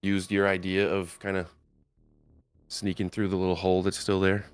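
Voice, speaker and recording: A man playing a tabletop game, speaking in a hesitant, halting way as he plans his character's moves. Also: low voice, completely flat delivery, clean tone. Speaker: player. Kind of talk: casual chat in a tabletop game.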